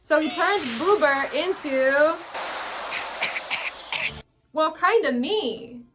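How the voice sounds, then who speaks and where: A young woman hosting a chatty episode recap, saying "like" a lot and quickly acting out the characters' lines on a makeshift mic. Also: sits high, animated, noisy background. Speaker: video host. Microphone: makeshift mic after her usual one broke. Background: bracelets clacking.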